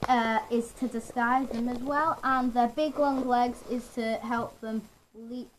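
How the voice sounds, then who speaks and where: A woman vlogger at home casually showing and explaining her pet toad in a halting, rambling way with many restarts. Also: a little high, fairly even intonation, slight background noise, poor audio. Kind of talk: casual show-and-tell.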